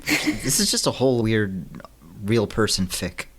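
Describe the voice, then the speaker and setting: A woman's voice: rumbling low, big pitch swings, measured pace, breathy edge. A woman hosting a podcast, dry and sarcastic, with blunt comebacks. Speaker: podcast host. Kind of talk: casual podcast chat.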